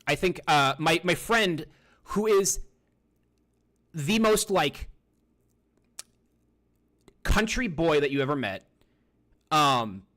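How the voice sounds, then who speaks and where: A man's voice: fairly high pitch, expressive, slow, pauses often, a bit bright. A man streaming live, chatting casually with his viewers in a rambling, profane way and talking to himself while he browses.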